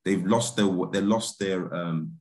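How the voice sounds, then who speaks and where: A man, a film director, chatting in a relaxed interview, laid-back with many restarts and fillers. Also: low-pitched, measured pace.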